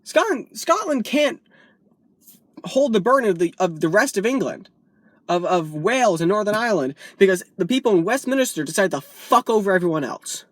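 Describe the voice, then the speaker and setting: A woman's voice: medium pitch, sing-song, moderate pace, no echo, clean studio sound. A woman vlogger delivering a heated, profane political rant, from the United States.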